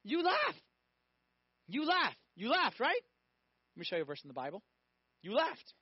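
A man's voice: very high voice, huge pitch swings, normal speed, husky, no room sound, muffled recording. A man preaching a sermon, telling stories animatedly, acting out voices and asking the audience questions.

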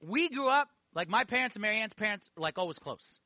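A man in his forties giving a lively personal testimony in a sermon, peppering it with "okay?" and "like". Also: high voice, a little fast, no room sound, dull audio. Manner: animated storytelling with frequent "okay?" and "like".

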